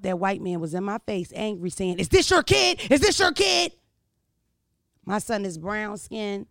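A man telling a crude, animated comedic story, full of rhetorical asides to his listeners. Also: high voice, creaky, no room sound, clean studio sound.

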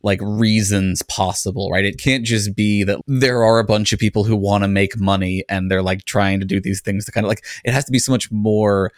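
A man with a lowish voice explains ideas quickly and with energy as a podcast co-host. The sound is dry and close. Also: fairly even intonation, no room sound. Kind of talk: casual analytical chat.

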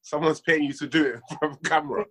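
A man's voice: fairly high pitch, flat delivery, fast, crowd noise. A man, a sketch comedy actor chatting as a podcast guest, joking and mocking himself. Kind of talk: casual podcast chat.

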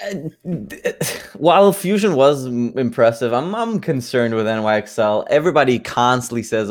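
A man co-hosting an esports talk show, giving loose casual analysis with fillers and quick asides. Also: mid-range voice, animated. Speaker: esports podcast co-host. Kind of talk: casual chat.

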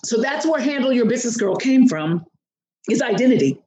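A woman coach, a podcast guest, telling a story expressively and acting out the quotes. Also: fairly quick. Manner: expressive, acts out quotes with big pitch swings. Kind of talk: animated storytelling in an interview. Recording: roomy echo.

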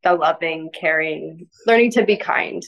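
A woman as a podcast guest, talking in a gentle, rambling casual way, full of "like" fillers. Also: low-pitched, a little slow, low-quality recording. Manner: rambling, filler-heavy with frequent "like"; soft, gentle delivery. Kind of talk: casual interview conversation.

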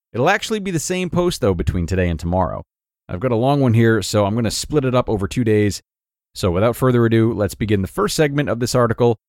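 A man hosting a podcast, reading a blog post aloud in an upbeat, expressive way. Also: on the low side, dry recording, clean studio sound. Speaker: podcast host and narrator.

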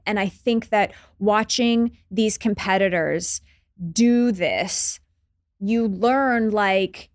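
A middle-aged woman sits in for a relaxed podcast chat at a middle pitch. She tells stories with energy and slips into little acted-out quotes of the people she describes. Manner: animated storytelling, acts out quotes. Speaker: guest, TV show creator and host. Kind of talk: casual podcast interview.

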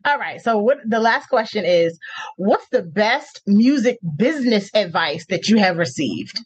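A woman hosts a podcast interview, gushing effusively in casual conversation. Her mid-range voice is husky and expressive, and she takes her time. The lo-fi audio sounds muffled.

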